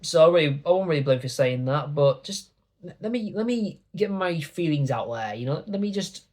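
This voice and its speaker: A man's voice: fairly high pitch, expressive, fairly quick, darkish tone. A young man from York, giving football predictions in a sweary, rambling, blunt rant. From York, England. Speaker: YouTuber.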